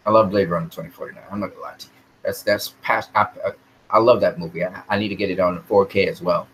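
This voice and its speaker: Rambling, opinionated man with a lowish voice. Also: steady tone, quick pace, fairly bright tone, slight background noise, rough recording. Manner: rambling, opinionated, repeats words. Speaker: live stream host answering chat. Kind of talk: casual live chat movie talk.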